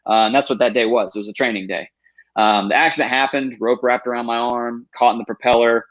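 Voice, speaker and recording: A man's voice: medium pitch, fairly even intonation, quick pace, a bit bright, dull audio. A man in his thirties, a guest on an interview show, telling his story earnestly and with emphasis. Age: 30s.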